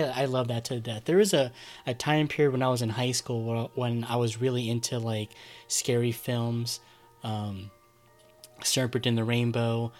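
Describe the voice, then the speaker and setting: A man in his forties co-hosting a casual movie chat, eager and tripping over his words as he restarts. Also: medium pitch. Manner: enthusiastic, stumbling restarts.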